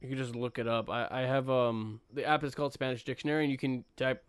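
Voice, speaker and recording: A man's voice: mid-range voice, steady tone, fast talker, clear, resonant tone, no echo. A young man hosting a casual podcast, laid-back and self-mocking, with plenty of fillers. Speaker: podcast host.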